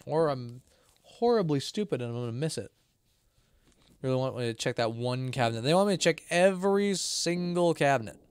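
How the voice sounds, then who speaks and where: A man's voice: medium pitch, lively intonation, a little fast, smooth, dry recording. A man streaming a horror game live, rambling to himself and his chat, sleepy and yawning. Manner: rambling, self-talking, sleepy with yawns. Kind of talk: casual live game commentary.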